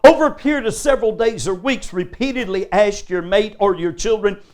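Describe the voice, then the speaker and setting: An older man preaches to a church congregation, his voice sitting notably high for a man. He drives his points home with repeated, emphatic questions put straight to his listeners. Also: brisk, a little mellow. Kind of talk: live sermon. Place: church service before a congregation.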